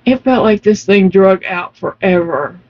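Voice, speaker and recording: A woman's voice: mid-range voice, a little slow, lo-fi sound. A woman chatting casually while crocheting, telling her story emphatically and laughing often. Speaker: vlogger.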